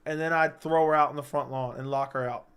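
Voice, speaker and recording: A man's voice: medium pitch, steady tone, quick pace, fairly bright tone, clear, resonant tone. A young man hosting a live-stream chat, rambling and joking as he reads viewer comments aloud.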